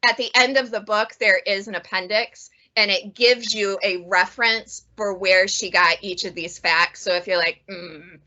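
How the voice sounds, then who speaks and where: A woman's voice: medium pitch, steady tone, normal speed, hardly any pauses, sharp tone, highs cut off. A woman librarian chatting casually about funny books she has read, laughing often as she talks. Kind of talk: casual book review chat.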